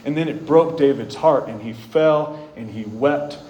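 A man preaching a sermon, retelling scripture stories in an earnest way, rising loud and bold, then dropping soft and slow. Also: medium pitch. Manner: earnest storytelling, swings between loud bold stretches and soft slow ones. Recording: echoey room with faint ambience.

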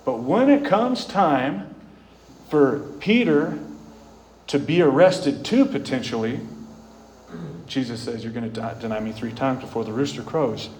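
A man preaching a sermon, retelling scripture stories in an earnest way, rising loud and bold, then dropping soft and slow. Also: mid-range voice, expressive, a little hiss or hum. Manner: earnest storytelling, swings between loud bold stretches and soft slow ones. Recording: echoey room with faint ambience.

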